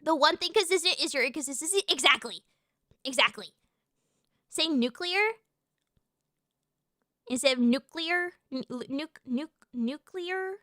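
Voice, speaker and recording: A woman's voice: high-pitched, animated, unhurried, long pauses, bright, forceful tone, no room sound, clean studio sound. A woman from the United States chatting on a livestream, ranting and swearing in a playfully indignant way. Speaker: streamer. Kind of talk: casual livestream chat.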